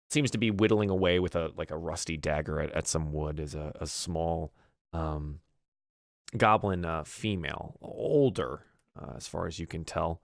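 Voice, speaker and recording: A man's voice: low-pitched, gravelly, dry recording, studio quality. A man narrating as game master of a tabletop game, rambling and full of fillers and restarts.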